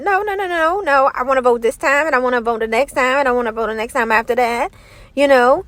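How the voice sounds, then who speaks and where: A woman's voice: high voice, animated, fast, dry recording. A woman vlogger giving casual opinion commentary in a light, scratchy voice. She talks emphatically and acts out other people's lines.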